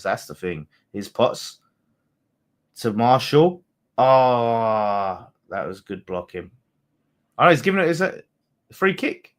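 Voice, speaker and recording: A man commenting live on a football match for a fan channel. He jumps between shouts at the players and easy banter with his viewers, swearing freely. His voice sits at an ordinary middle pitch for a man.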